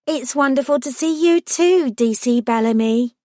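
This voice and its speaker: A woman's voice: moderate pace, darkish tone, dry recording, studio quality, lightly acted. A woman voicing a bubbly, lilting young woman. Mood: cheerful. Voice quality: high, lilting, sing-song.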